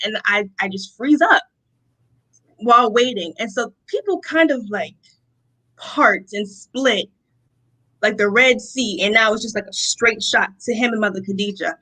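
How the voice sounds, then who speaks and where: A young woman from Rochester, New York, a guest telling a personal testimony in an interview, animated and often acting out what people said. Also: mid-range voice, moderate pace, rough recording. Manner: animated storytelling, acting out quotes, laughs often.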